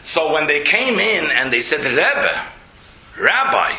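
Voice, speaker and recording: A man, a rabbi, giving a storytelling lecture, animated, jumping his pitch to act out quotes. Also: normal speed, vocal fry. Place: lecture hall. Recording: roomy lecture hall echo.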